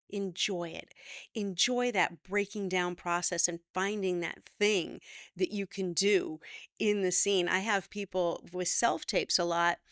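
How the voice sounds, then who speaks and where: A middle-aged woman acting coach giving energetic, emphatic advice straight to camera, her voice leaping up when she acts out what actors say. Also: gravelly, no echo, studio quality. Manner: energetic, emphatic, animated with pitch jumps when quoting.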